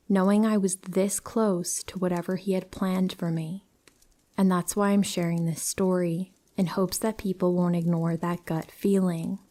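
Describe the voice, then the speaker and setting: A woman reading true horror stories aloud in a soft, hushed storytelling voice that often drops to a whisper. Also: fairly low pitch. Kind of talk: scripted narration of listener stories.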